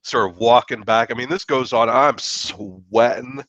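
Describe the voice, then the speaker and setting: A man, a guest author from the United States, telling a story in a podcast interview with lively, profane, acted-out quotes. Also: mid-range voice, unhurried, no echo, highs cut off.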